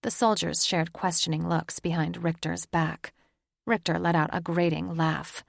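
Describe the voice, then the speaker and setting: A woman narrating an audiobook in a measured, dramatic read. Her voice sits low with a gravelly texture, and the close recording is dry, with no room sound. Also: level tone, no echo. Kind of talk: scripted narration.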